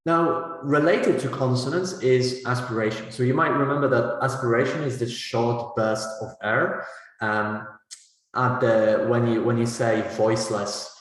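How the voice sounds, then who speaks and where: A man's voice: mid-range voice, measured pace. A man giving a teacher-training talk on pronunciation, explaining step by step and checking in with "right?" and "you know". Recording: very echoey large hall.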